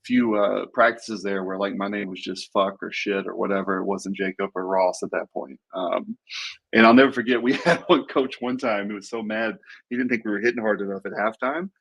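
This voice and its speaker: A man co-hosting a podcast, telling stories in an animated way and shouting out the lines he quotes. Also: lowish voice, a little fast, gravelly, husky. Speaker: podcast co-host. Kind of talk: casual storytelling.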